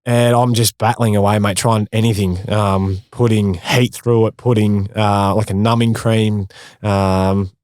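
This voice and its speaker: Australian man, thirties, low-pitched, matey storyteller, dry close sound. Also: little pitch movement, a little slow, a little mellow, clean tone, no room sound. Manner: matey, laughing, acts out quotes. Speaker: guest, former footballer. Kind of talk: casual storytelling interview.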